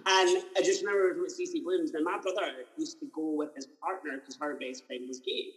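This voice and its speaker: Lively man, slightly high voice. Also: a little fast, long reverb tail, poor audio. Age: 20s. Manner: animated storyteller acting out quoted voices. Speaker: podcast host. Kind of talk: casual chat interview.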